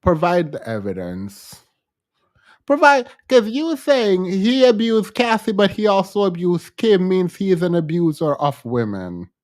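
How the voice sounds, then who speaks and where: Her voice is lowish, sing-song and a touch mellow, carrying a Jamaican accent; she comes from Jamaica. As commentary host of a reaction show, she takes a played clip apart pointedly, staying blunt while laughing easily.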